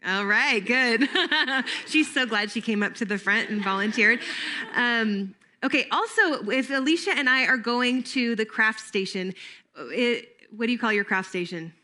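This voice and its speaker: A woman's voice: on the high side, a little slow, pushed and bright. A woman leading a training workshop for camp staff, talking conversationally and drawing the audience in with questions.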